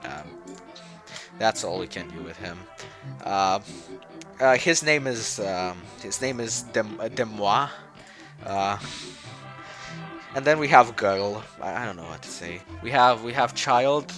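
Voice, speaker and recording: A man's voice: fairly low pitch, expressive, takes it slowly, fairly bright tone, soft background music. A man presenting his game project in a loose, rambling way, full of fillers and restarts, often chuckling. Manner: chuckling, offhand. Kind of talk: joking game showcase.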